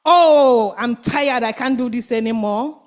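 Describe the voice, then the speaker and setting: A woman's voice: fairly high pitch, steady tone, measured pace, a bit bright. A woman voicing a complaining male frog in a children's church story, whining and defeated.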